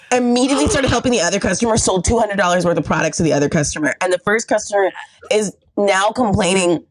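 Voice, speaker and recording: A woman's voice: a little high, no room sound, low-quality recording. A woman telling a comic story on a podcast, acting out voices and laughing often. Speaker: podcast guest comedian. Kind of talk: casual storytelling chat.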